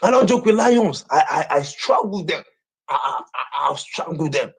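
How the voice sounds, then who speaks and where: Man, live streamer, husky and boastful, very lively pitch, repeats every line. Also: moderate pace. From Nigeria. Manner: boastful, repeats himself over and over.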